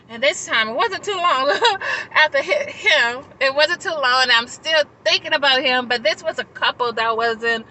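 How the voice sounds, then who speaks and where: A woman vlogger telling a personal story to her viewers, animated and laughing, then reflective. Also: slight background noise, low-quality recording. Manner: animated, laughing, high-pitched exclamations; reflective, talking to the audience. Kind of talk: casual storytelling to camera.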